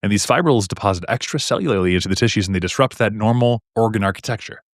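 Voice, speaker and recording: Fast-talking deep-voiced male tutor. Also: dry recording, clean studio sound. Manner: fast, chatty, jokey, asks rhetorical questions. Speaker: medical exam tutor. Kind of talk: casual recorded lecture.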